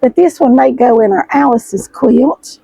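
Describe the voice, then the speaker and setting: A middle-aged woman chats warmly to her viewers, gushing as she unboxes fabric. Her voice is high and husky, hoarse and froggy as if she is about to lose it. The sound is close and dry. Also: a little slow, no room sound, low-quality recording. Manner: chatty, gushing, addresses viewers as y'all. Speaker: sewing vlogger host. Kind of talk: casual chat while unboxing fabric.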